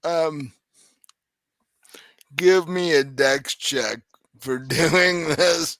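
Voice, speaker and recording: Slow, laughing man as game master. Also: on the high side, fairly bright tone, dry recording. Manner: laughing often while narrating. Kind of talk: narrating a tabletop game.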